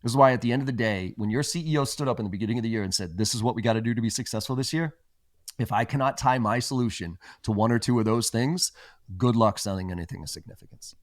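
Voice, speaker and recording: A man's voice: lowish voice, fast talker, no room sound, clean studio sound. A man who is a guest on a podcast about sales, telling stories in a blunt, emphatic and often profane way. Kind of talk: casual interview chat.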